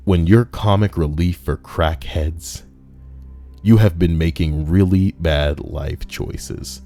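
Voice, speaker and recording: A man's voice: low-pitched, slow, warm tone. A man reading stories aloud and breaking off into mocking, profane rants at the writer and the listener. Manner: brash, mocking, profane rants between read passages. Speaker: story reader and commentator.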